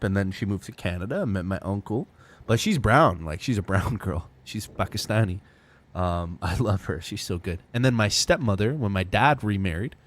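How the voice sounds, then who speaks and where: A young man streaming a game live, chatting loosely and excitably with viewers. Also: on the low side. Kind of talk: casual live-stream chat.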